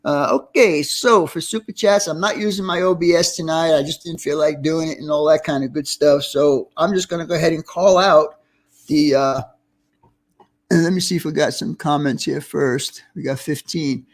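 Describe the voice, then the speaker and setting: A man's voice: on the high side, normal speed. A man hosting a casual livestream, chatty and reading out viewer names with friendly greetings. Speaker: livestream host.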